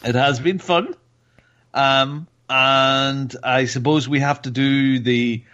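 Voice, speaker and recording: A man hosting a casual gaming podcast, chatty and quick to laugh. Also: medium pitch, fairly even intonation, sharp tone. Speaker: podcast host. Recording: slightly dull lo-fi sound.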